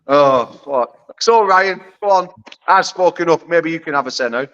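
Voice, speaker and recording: A man's voice: fairly high pitch, moderate pace, a bit bright, clean tone, highs cut off. Brash, profane British man. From United Kingdom. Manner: brash, profane trash talk. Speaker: arm wrestler guest. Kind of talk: casual chat.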